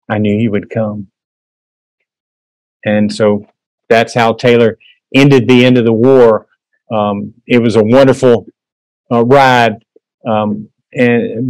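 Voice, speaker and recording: A man's voice: medium pitch, a little mellow, no room sound, low-quality recording. A man giving a casual history talk, taking audience questions with lots of fillers. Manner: folksy, conversational, many fillers. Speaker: guest speaker. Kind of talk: history lecture and Q&A. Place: meeting room.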